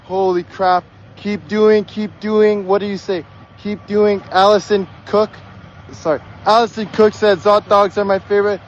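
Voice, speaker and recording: A hoarse young man livestreaming outdoors on a snowy street, excitedly yelling shout-outs to viewers. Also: high voice, muffled recording. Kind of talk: live stream reading out viewer donations.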